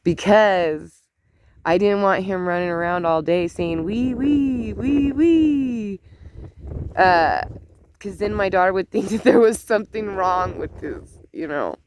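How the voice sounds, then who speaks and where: A woman's voice: on the low side, normal speed, slight background noise. An older woman, a grandmother, chatting casually on her vlog outdoors, telling a family story with laughs and asides. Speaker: vlogger. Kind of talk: casual chat.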